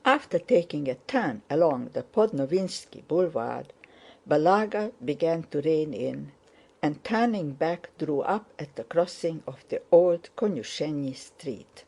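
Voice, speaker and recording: Slow, low-voiced woman narrator. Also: slightly rough. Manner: steady, measured reading. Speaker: audiobook narrator. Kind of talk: scripted narration.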